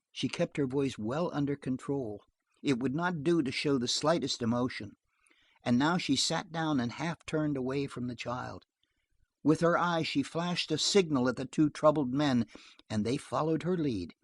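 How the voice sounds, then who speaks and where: An audiobook narrator reading a western novel aloud in an expressive storytelling manner. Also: medium pitch, a little slow, no room sound.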